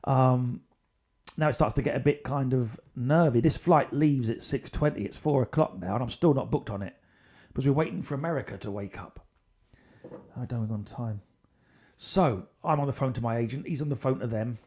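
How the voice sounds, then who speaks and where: A man, a comedy podcast host, telling an off-the-cuff story in an animated way, building the tension and racing through parts of it. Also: medium pitch, normal speed.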